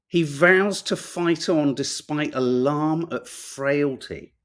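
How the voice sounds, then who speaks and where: A man's voice: on the high side, slow. A man co-hosting a podcast, reading out headlines and reacting with laughter and swearing. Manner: animated, swearing, laughing, mock voices. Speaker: podcast co-host reading newspapers. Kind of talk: casual chat.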